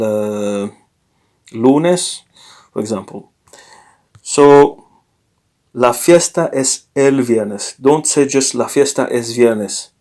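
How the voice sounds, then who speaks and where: A man teaching a casual language lesson, explaining slowly with many fillers and self-corrections. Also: mid-range voice, darkish tone.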